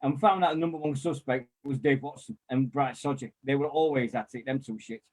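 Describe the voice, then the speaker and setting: A man, chatting casually and telling lively anecdotes with mild swearing and quoted voices. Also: mid-range voice, a little fast. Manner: animated storyteller, mild swearing, acts out quotes. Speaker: former club volunteer and kit man.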